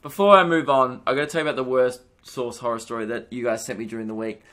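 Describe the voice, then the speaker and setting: A man's voice: medium pitch, steady tone, fast talker, fairly bright tone. A young Australian man hosting a solo comedy podcast, ranting with mock outrage and swearing.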